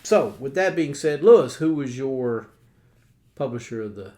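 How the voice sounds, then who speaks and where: A man's voice: medium pitch, expressive, normal speed, warm tone. A man with a country accent, hosting a casual board game chat with a folksy, rambling manner full of fillers. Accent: American Southern rural. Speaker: host.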